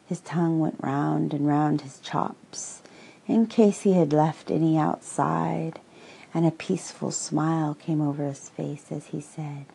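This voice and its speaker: A woman reading a children's storybook aloud in a slow, gentle way. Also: low-pitched, fairly even intonation, creaky, breathy edge, rough recording.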